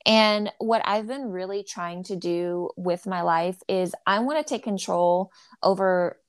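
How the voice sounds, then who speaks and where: A woman's voice: medium pitch, measured pace, smooth, no room sound. Bubbly joking woman podcast co-host. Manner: bubbly, jokey storyteller. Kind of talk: casual chat.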